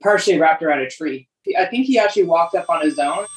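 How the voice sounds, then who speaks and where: A woman's voice: deep voice, lively intonation, fast, distant mic. Chatty woman in a roomy space. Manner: chatty, with many fillers. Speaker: interviewee. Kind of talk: casual storytelling.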